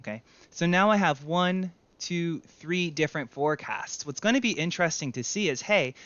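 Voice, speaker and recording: Guy walking thru a data tutorial, smooth clear voice, dry kinda dull audio. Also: a little high, moderate pace, no room sound. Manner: conversational, self-correcting, lively. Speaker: data instructor. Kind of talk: screen-share tutorial.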